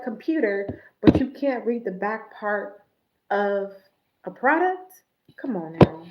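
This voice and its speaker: A woman, an esthetician, chatting on a casual livestream and telling stories in a blunt, animated way. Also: a little high, reverberant, poor audio.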